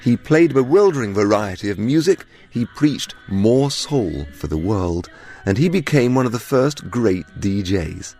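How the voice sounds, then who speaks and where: A man narrates a radio documentary in a fairly low voice, rising and falling with plenty of life. His delivery is dry and wry, with a little music underneath. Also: animated, a little slow, mellow. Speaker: documentary presenter.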